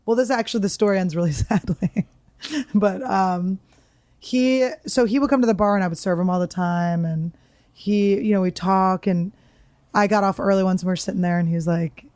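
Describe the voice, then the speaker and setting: A woman's voice: medium pitch, normal speed, no room sound. A woman comedian telling stories in a casual chat, acting out the people she quotes. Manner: animated storyteller acting out quoted voices. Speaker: comedian guest.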